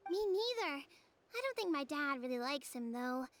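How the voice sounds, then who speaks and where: A woman's voice: sits high, sing-song, normal speed. A woman voicing an eager, chatty young village girl in a video game. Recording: loud game soundtrack behind.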